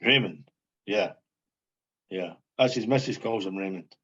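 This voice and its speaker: An older Scottish man, once a footballer, reminisces as a podcast guest in a deep, unhurried voice that's fairly bright and a bit rough. He rambles, repeats phrases, and keeps asking "you know what I mean," all on dull-sounding audio.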